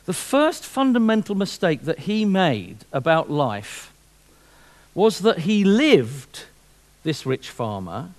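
A man preaching a sermon, lively and fond of repeating himself and asking rhetorical questions. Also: a little high.

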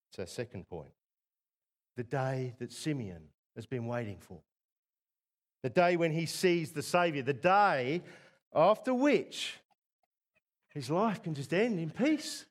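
A middle-aged man from England preaching a sermon in a conversational way, often asking the congregation rhetorical tag questions. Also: sits high.

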